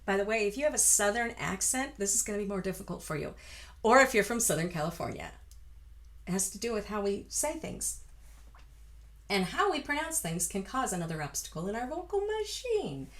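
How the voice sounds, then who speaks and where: A woman's voice: medium pitch, sing-song, fairly quick, fairly bright tone. A woman vocal coach from the United States giving a chatty, encouraging singing lesson, breaking into full-voiced sung examples.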